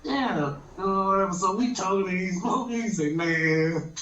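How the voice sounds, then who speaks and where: A man's voice: high-pitched, moderate pace, fairly bright tone. A man casually telling a funny story, rambling, laughing often and repeating himself. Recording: roomy, dull lo-fi sound with faint noise.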